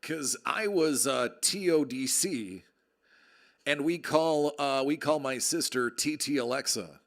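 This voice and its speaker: A man with a gravelly, fry-edged voice chats on a live stream in a projected, radio-style delivery. He sits close to a desk microphone, joking and reading out viewer comments at an everyday pitch. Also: slow. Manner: jokey, chatty, reads out viewer comments. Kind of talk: casual live-stream chat. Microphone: close desk microphone with level meter.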